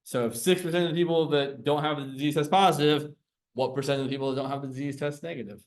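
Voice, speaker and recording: A man's voice: fairly high pitch, fairly even intonation, quick pace. A man teaching a classroom lecture on probability, explaining step by step, asking the class questions and correcting himself as he goes.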